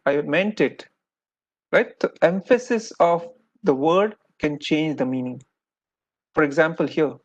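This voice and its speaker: A man's voice: on the high side, lively intonation, measured pace. A man with an Indian English accent, lecturing postgraduate doctors in a patient, explanatory way. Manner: patient, explanatory, repeats "many a times". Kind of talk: recorded lecture. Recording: dull lo-fi audio.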